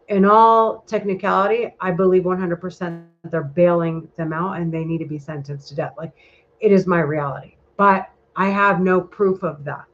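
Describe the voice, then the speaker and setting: A woman's voice: fairly low pitch, slight background noise. Heated, swearing woman on muffled audio. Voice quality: profane, rambling, heated. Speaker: vlogger. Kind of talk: casual vlog monologue. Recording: muffled lo-fi recording.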